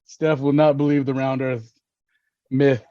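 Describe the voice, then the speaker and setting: A man's voice: mid-range voice, little pitch movement, unhurried, mellow, no room sound. A man from Dallas, Texas, telling rambling, laughing stories as a podcast guest. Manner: laid-back, rambling, laughs at own stories. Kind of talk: casual storytelling chat. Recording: slightly dull, lo-fi podcast audio.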